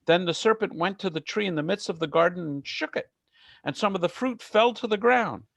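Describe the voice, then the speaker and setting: Gravelly, chatty male myth lecturer. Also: high-pitched, a little fast, a bit bright, dry recording. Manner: conversational, digressive, joking. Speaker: lecturer on Jewish myths. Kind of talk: online lecture.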